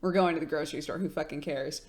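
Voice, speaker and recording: A woman's voice: low-pitched, fast. A young woman streamer chatting casually with her live chat, telling stories with lots of fillers and giggles.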